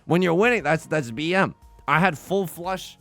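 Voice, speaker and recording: A young man narrates his gameplay to viewers, excitable and quick to trash-talk his opponents. His fairly high voice swings widely in pitch and drops into gravelly fry. Faint game music plays beneath him. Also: no room sound. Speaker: let's play host. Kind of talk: casual gameplay commentary.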